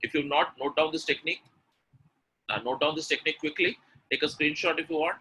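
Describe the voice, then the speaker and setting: A man's voice: on the high side, steady tone, a little fast, pushed and bright, a little hiss or hum, rough recording. A man with an Indian English accent teaching pronunciation in a live online webinar, drilling sounds by repetition. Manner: drills sounds by repeating them, urges chat replies. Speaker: spoken English trainer.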